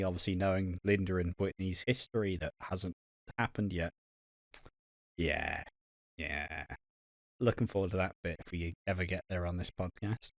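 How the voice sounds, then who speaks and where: A man's voice: deep voice, dry recording, clean studio sound. A young man co-hosting a podcast, teasing his co-host in sweary banter. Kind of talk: casual chat.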